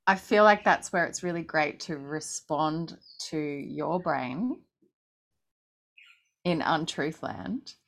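A woman with a very low, gravelly voice talks slowly in a casual conversation. She reflects back what she heard in a calm, affirming coaching manner. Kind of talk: casual podcast chat.

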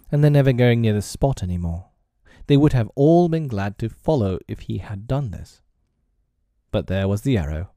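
Expressive man reading a storybook. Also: lowish voice, dry recording, studio quality. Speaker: audiobook narrator. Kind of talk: scripted storybook narration.

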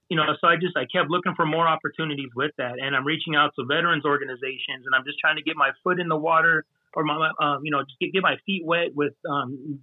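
A man's voice: fairly high pitch, breathy edge, dry recording, narrow, tinny audio. A man talking earnestly as a podcast guest, often repeating words as he starts a thought. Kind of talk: casual podcast conversation.

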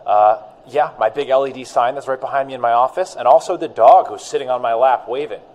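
A man hosting a podcast, chatting in a relaxed and agreeable way. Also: medium pitch, brisk. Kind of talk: casual podcast chat.

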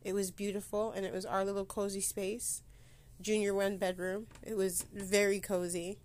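Seated against a board indoors, a woman hosts a personal solo podcast while holding back tears. Her pitch stays flat and level as she speaks haltingly, pausing, breaking off, and restarting her sentences many times.

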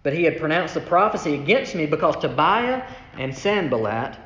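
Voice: big pitch swings, moderate pace, fairly bright tone. A preacher talks through a scripture passage in a casual, questioning way, acting out each quoted voice. The sound is muffled and lo-fi, caught in a big echoey hall with a long, lingering reverb. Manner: conversational, asks rhetorical "right?" questions; acts out quoted speech with shifts in pitch. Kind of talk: sermon, reading scripture and explaining it.

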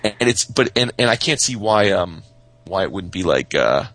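A man co-hosting a podcast in casual chat, telling stories with excitement, swearing freely and putting on silly voices. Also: sits low, normal speed, slight background noise, rough recording. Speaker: podcast co-host.

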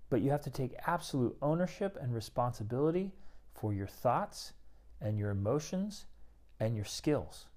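A man's voice: medium pitch, mellow. A middle-aged man giving an emphatic motivational talk on relationships to other men, acting out people's inner thoughts as he goes. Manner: emphatic, preachy, acts out inner monologues. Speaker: men's relationship coach.

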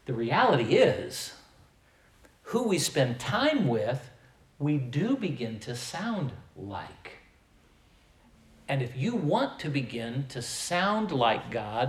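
A man's voice: mid-range voice, echoey room. A man from the American Midwest preaching a sermon, emphatic, with volume that swells and drops. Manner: slow, emphatic preaching with rising and falling volume. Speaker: pastor.

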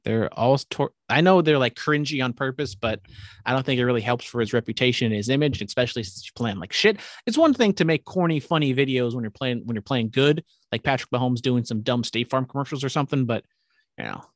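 A young man talks through football picks on a casual podcast, rambling and dropping swear words. His voice sits at an ordinary pitch. The sound is dry and close, with no room around it. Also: expressive, dry recording. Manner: rambling, profane, quick asides. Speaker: podcast host. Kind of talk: casual sports chat.

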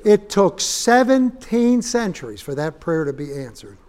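A man preaching a fiery sermon in a church, folksy and swelling into loud emphatic bursts. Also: sits high, big pitch swings, unhurried. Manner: folksy, rising to shouted emphasis.

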